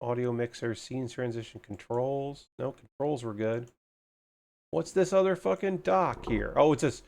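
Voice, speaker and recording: Male hobby streamer, casual and excitable, mutters to himself, swears a lot, ordinary mid-range voice. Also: mid-range voice, a little slow, creaky. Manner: excitable, gushing about kits. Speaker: livestreamer building model kits. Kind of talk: casual livestream chat.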